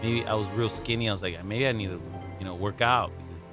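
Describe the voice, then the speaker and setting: A man's voice: on the low side, fairly even intonation, fast, fairly bright tone, faint music behind. A man co-hosting a comedy podcast, telling rambling stories with lots of laughter and swearing. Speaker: podcast co-host. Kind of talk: casual comedy podcast chat.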